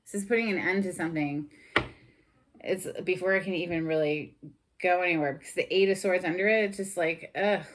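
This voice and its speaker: A woman's voice: on the low side, a little fast. A woman giving a casual tarot reading in a blunt, sassy way, swearing and getting fired up. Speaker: tarot reader.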